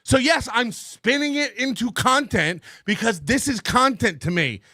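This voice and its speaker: A man's voice: very high voice, animated, a little slow, bright, forceful tone, no room sound. A man in a played clip, ranting angrily and repeating himself. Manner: angry, repetitive ranting.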